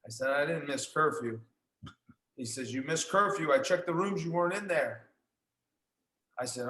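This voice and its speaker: Guy telling a story, calm and plain, echoey room, bit high voice. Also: moderate pace, pauses often. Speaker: former pro catcher guest. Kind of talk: casual storytelling. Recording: roomy echo.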